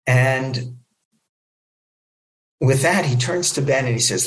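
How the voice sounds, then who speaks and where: Animated storytelling man, echoey room. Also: medium pitch, takes it slowly, pauses often. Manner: animated storyteller acting out quoted voices. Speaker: guest, film producer. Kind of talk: storytelling in an interview.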